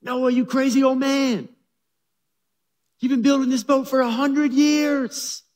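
A man's voice: very high-pitched, steady tone, slow pace, darkish tone, voice pushed up. A man voicing a mocking townsperson who jeers scornfully, in an echoey hall. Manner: scornful, jeering.

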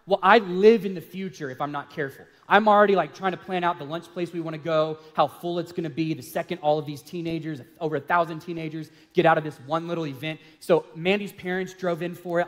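A man's voice: a little high, fairly bright tone. A man co-hosting a talk on marriage, speaking earnestly in a casual sermon style and telling self-deprecating stories. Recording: hall reverb.

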